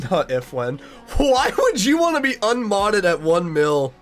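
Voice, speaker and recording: A man's voice: high voice, big pitch swings, unhurried, soft background music. A young man chatting casually on a livestream about goals, earnest and emotional, rambling with restarts. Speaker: streamer.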